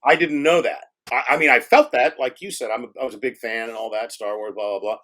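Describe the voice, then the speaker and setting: A film director tells animated anecdotes in a casual interview, swearing freely and imitating other people's voices. He speaks fast in a mid-range voice.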